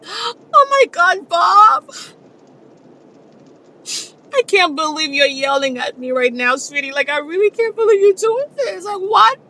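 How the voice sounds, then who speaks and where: A woman acting out a tearful, distressed wife pleading with her husband, with high sobbing cries. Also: very animated, measured pace, long pauses, pushed and bright, full character voice.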